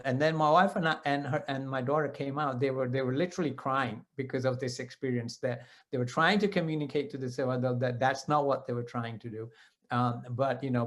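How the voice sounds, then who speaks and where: Conversational man telling personal stories. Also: medium pitch. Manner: conversational, with many asides and self-corrections. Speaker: devotee sharing personal experiences. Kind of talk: personal storytelling talk.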